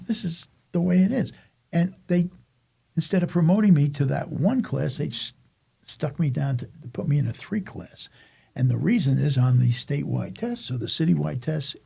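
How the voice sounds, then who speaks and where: An older man from Staten Island, New York, speaks in a warm, gravelly mid-range voice with a breathy edge. As a podcast guest telling his life story, he rambles casually through childhood memories, often stopping, interrupting himself, and starting over.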